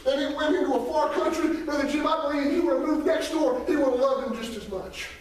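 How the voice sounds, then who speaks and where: A man, an associate pastor, preaching a folksy sermon and calling on church members by name, swinging from shouts to near whispers. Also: very high-pitched, fairly quick, slight background noise. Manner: folksy storytelling, calls on congregation members by name; rises to shouting peaks, then drops very soft. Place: church sanctuary. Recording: echoey church hall, voice from far off.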